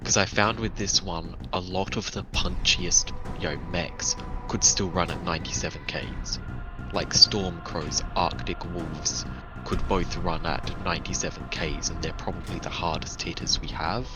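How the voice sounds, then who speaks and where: A man taking part in a game race, calmly suggesting ideas in casual voice chat with hedging fillers. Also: sits low, normal speed, over music. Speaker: race participant.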